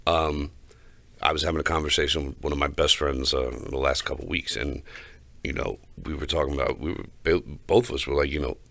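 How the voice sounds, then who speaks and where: A man's voice: rumbling low, steady tone, a little fast, creaky, fairly bright tone, no echo. A man hosting a podcast, talking in a crude, swaggering, heated casual rant. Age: adult, older than co-host. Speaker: podcast host.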